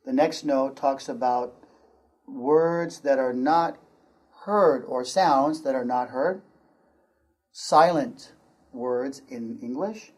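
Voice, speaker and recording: An American man teaches English pronunciation at a very slow, deliberate pace. He says each word carefully and repeats it for learners to copy. His voice sits at an ordinary middle pitch. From United States. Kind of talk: pronunciation lesson.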